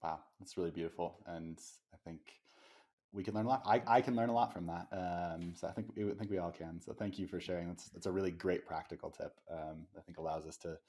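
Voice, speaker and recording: A man's voice: low voice, steady tone, brisk, warm tone. Reflective man hosting a podcast. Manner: reflective and encouraging, with many fillers. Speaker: podcast host. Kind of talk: casual conversational interview.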